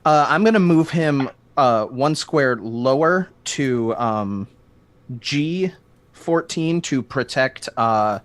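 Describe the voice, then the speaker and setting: Slow, hesitant male player. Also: medium pitch, animated, no room sound. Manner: hesitant, with many fillers. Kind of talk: playing a tabletop game.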